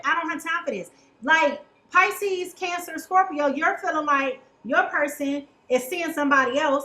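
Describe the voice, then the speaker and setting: A woman gives a casual tarot reading in a bright, sharp voice. She talks in a chatty, colloquial way and often stops to ask "okay?". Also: sits high, poor audio. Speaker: tarot reader.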